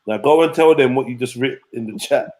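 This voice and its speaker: A man's voice: mid-range voice, fairly quick, a little mellow. A man hosting a stream, joking and mocking in casual slang. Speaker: stream host. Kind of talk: casual reaction commentary.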